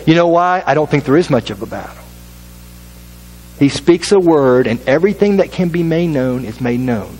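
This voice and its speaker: Male pastor, fairly high voice, emphatic sermon delivery with repeated phrases. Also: lively intonation, moderate pace, a little mellow, low-quality recording.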